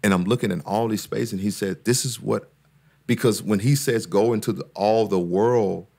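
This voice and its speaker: A man with a very low voice and a gravelly, creaky edge talks as a podcast guest. His delivery is earnest and preacher-like, building up when he drives a point home. He often repeats himself and restarts his sentences mid-thought. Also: steady tone, normal speed, mellow. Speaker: therapist and guest speaker. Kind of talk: casual podcast conversation.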